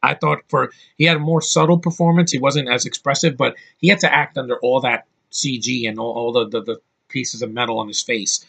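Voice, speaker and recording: A man's voice: medium pitch, steady tone, brisk, vocal fry, few pauses, a bit bright. A man giving a casual spoken movie review, enthusiastic and blunt, rambling with restarts and the odd swear word.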